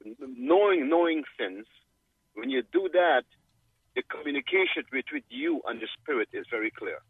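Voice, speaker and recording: A man calling into a radio show, speaking earnestly and pausing to find his words. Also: fairly high pitch, wildly swooping pitch, gravelly, husky, no room sound. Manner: earnest, searching for words with fillers. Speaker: caller. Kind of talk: phone-in comment. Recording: tinny dry phone line.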